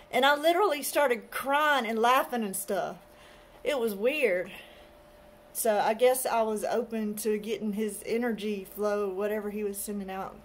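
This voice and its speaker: A chatty woman vlogging from her bedroom, her voice sitting a little high. She rambles from one thing to the next and talks to her pets along the way, with faint noise behind her. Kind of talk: casual chat to camera.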